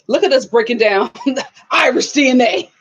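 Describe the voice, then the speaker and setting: A woman's voice: sits high, a little slow, breathy edge, dull audio. A young woman, chatting casually on a live stream, reading viewers' comments, laughing often and quoting people in exaggerated voices. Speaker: host of a live TV review stream.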